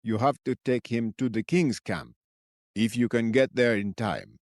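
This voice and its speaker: Brief: a man playing an odd old woodsman sentry, croaky and cracked, slow and chirpy, dry audiobook read. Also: mid-range voice, darkish tone, no room sound, close to an everyday voice. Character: wiry old male forest sentry, odd and theatrical.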